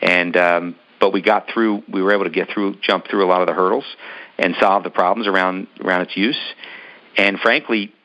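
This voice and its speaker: A man's voice: low-pitched, fairly even intonation, moderate pace, sharp tone, rough recording. A man casually telling a long personal story in an interview, rambling with many ums and restarts. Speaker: business owner telling his story.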